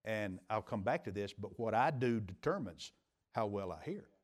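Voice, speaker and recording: A middle-aged man preaching as pastor in a church, building to emphatic peaks and dropping to quiet, confiding asides. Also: fairly low pitch, lively intonation, normal speed. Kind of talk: sermon. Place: church sanctuary.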